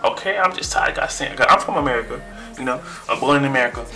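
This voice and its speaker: A young man in his twenties, chatting excitedly in a casual vlog and trailing off as he reads his results aloud. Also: medium pitch, quick pace, faint music behind. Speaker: vlogger.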